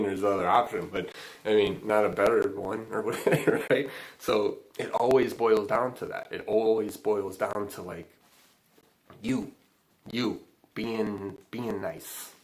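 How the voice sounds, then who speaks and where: A man's voice: lowish voice, measured pace, low-quality recording. A man hosting a casual spiritual talk, rambling with lots of fillers and frequent laughs. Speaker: spiritual channeling host. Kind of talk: casual livestream chat.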